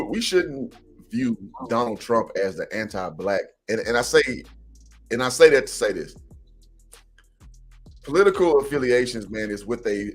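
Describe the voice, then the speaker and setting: A man co-hosting a podcast, talking in a relaxed, reflective, opinionated way. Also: mid-range voice. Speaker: podcast co-host. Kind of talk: casual chat.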